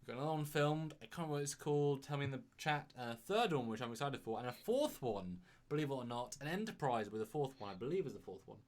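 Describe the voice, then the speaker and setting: A man co-hosting a live stream, teasing his guests in a playful, lively way. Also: medium pitch, fast, hardly any pauses. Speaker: co-host. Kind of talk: casual live-stream chat.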